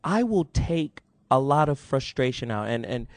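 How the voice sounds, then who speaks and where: A man's voice: medium pitch, moderate pace, dry recording. A man in his forties hosting a radio talk show, telling a story with lots of laughter. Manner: animated storyteller, laughs often.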